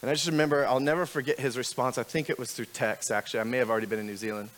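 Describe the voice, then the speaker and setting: A man's voice: medium pitch, steady tone, racing, fairly bright tone. A man preaching a sermon as pastor, talking candidly and conversationally with frequent restarts, building to emphatic questions.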